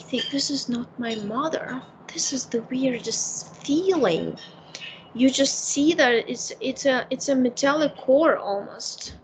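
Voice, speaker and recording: A woman consultant talking casually, telling animated stories with many fillers. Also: a little high, a little hiss or hum, rough recording. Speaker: psychic consultant. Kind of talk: casual conversation.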